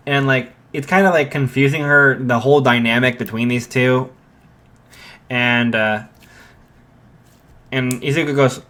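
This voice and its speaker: A man's voice: mid-range voice, steady tone, normal speed, fairly bright tone. Young man, casual storyteller, rambling, fillers and restarts. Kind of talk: casual fan story retelling.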